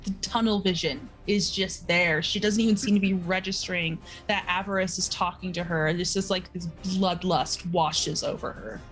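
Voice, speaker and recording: A woman's voice: lowish voice, steady tone, moderate pace, few pauses, soft background music, poor audio. A woman player in a casual tabletop game, describing her character's actions.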